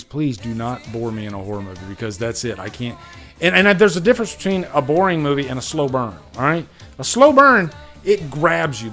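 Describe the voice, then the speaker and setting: A man's voice: on the high side, fairly bright tone. A man hosting a casual live stream, chatting animatedly about movies he saw and answering viewers.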